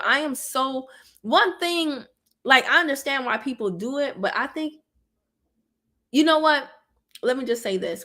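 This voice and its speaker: Animated woman chatting on a livestream. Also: fairly high pitch. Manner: candid, animated, laughs often. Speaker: online business coach and livestream host. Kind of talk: casual livestream chat reading viewer comments.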